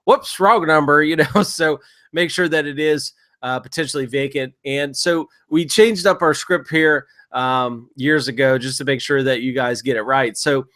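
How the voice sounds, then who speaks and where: A man with a fairly high voice gives a screen-share software lesson. His delivery is casual and coaching, and he slips into sample phone lines now and then. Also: expressive, normal speed. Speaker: software trainer and real estate investor.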